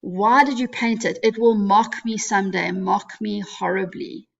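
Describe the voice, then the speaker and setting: A woman reading out the lines of a petulant, vain young man with mild emphasis, in her own gravelly voice. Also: mid-range voice, fairly even intonation, measured pace, a bit bright. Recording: dull lo-fi recording.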